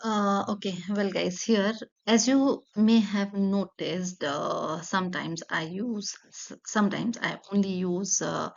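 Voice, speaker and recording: Woman, French teacher, patient step-by-step explanations, gravelly edge, slightly dull sound. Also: medium pitch, steady tone, takes it slowly. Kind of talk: online language lesson.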